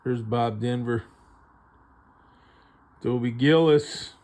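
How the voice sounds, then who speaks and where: A man's voice: mid-range voice, slow pace, a little mellow. A man reviewing a book on vintage TV in casual commentary, chatty and musing aloud as his thoughts drift. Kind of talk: casual commentary while paging through a book.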